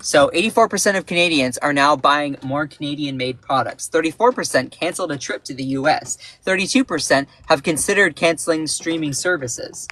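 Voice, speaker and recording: A man giving casual, indignant political commentary on a livestream, emphatic, with sudden jumps in pitch. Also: fairly quick, few pauses, bright, forceful tone. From United States.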